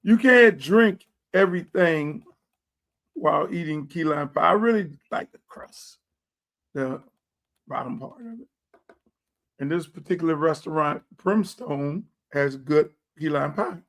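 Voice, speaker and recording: A man's voice: fairly high pitch, expressive, a little slow, a bit bright. A man hosting a casual livestream chat, rambling on in a loose, chatty way while he eats. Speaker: show host.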